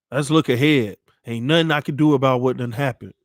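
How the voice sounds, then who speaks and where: A man's voice: medium pitch, a little fast, dry recording, studio quality. A man hosting a sports channel, giving an earnest, emotional motivational talk to his viewers, often repeating phrases and calling them "man" and "y'all", shaken after hours of crying.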